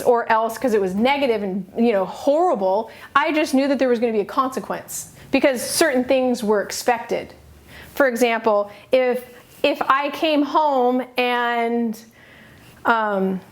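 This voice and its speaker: Earnest higher-voiced woman life coach. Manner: earnest, emphatic, with pauses between phrases. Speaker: self-help coach. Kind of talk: motivational teaching talk.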